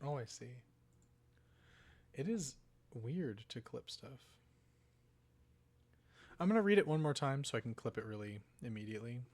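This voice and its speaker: A man's voice: medium pitch, expressive, normal speed, long pauses, darkish tone. A young man hosting a let's play, reacting with dramatic, exaggerated outrage and sorrow in casual gameplay commentary.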